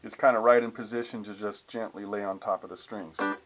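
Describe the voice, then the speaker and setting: Relaxed man teaching guitar, lo-fi. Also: on the low side, brisk. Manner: relaxed, demonstrative, hums strum rhythms. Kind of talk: casual guitar lesson. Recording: lo-fi with guitar playing.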